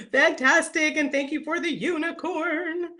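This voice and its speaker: A middle-aged woman giving a playful, animated webinar talk on branding, acting out quoted voices and laughing often. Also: sits high, takes it slowly. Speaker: branding speaker at an online summit. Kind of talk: lively webinar presentation.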